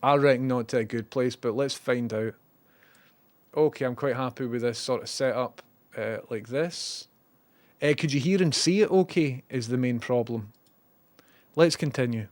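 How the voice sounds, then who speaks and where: A man's voice: mid-range voice, normal speed, dry recording. A man hosting a live stream, chatting wryly and reading viewer messages. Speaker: livestream host. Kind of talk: casual live commentary.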